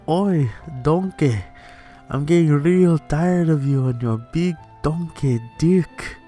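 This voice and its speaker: A man putting on a bossy, grumpy big ogre, stretching each word out slowly and gruffly. The voice sits a bit higher than an ordinary ogre would, with faint game music behind it. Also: warm tone. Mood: mock-angry.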